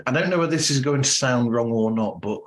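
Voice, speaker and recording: A man with a Northern English accent hosting a podcast, friendly and rambling with halting restarts. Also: medium pitch, animated, background noise. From north of England. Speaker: podcast host. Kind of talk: casual podcast interview.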